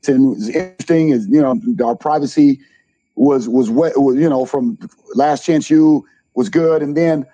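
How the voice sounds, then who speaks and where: A middle-aged man, a junior college basketball coach, telling animated stories in an interview and acting out the quotes. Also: fairly high pitch. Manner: animated storyteller, acts out quotes. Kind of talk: interview storytelling.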